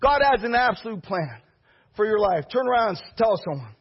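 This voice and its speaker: A middle-aged man preaching a storytelling sermon as pastor, animated and bursting into shouts. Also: high voice, fairly quick, breathy edge. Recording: dull lo-fi recording.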